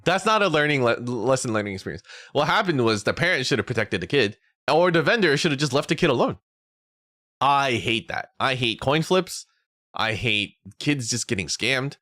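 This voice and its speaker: A young man chats on his stream in a loose, heated rant, swearing freely and slipping into little voices for the people he quotes. His pitch swings widely as he talks. The sound is dry and close, with no room in it. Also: normal speed, no echo. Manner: animated ranting, swearing, acting out quotes. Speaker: VTuber streamer. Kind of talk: casual chat stream.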